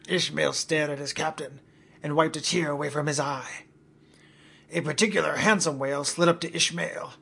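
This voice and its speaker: A man narrating a comic story in a deadpan storytelling manner. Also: fairly high pitch, normal speed, vocal fry, breathy edge.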